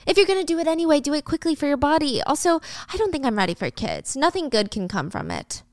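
A woman's voice: high voice, big pitch swings, fast, no room sound, pitched above the performer's own voice. A woman voicing a fed-up woman in her thirties who answers her boyfriend in a cool, cutting tone, recorded dry and close.

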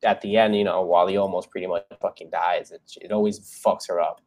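Excitable swearing man chatting. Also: low voice, brisk. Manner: excitable, swears a lot, emotional. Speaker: podcast co-host. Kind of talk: casual chat.

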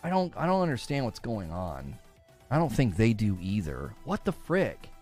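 A man's voice: fairly low pitch, huge pitch swings, normal speed, a little mellow, soft background music. A man streaming live, grumbling in exasperation and repeating himself as he rants about gaming news.

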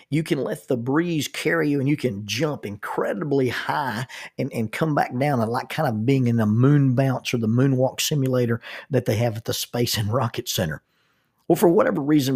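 A man's voice: mid-range voice, darkish tone, slightly rough, dry recording, clean studio sound. A man telling a meandering personal story, restarting phrases and chuckling as he goes. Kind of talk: rambling personal anecdote.

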